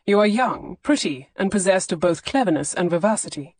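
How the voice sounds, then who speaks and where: Woman reading a wry aristocratic gentleman. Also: on the low side, lively intonation, a little fast, no echo. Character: dry, teasing aristocratic gentleman. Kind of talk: audiobook character dialogue.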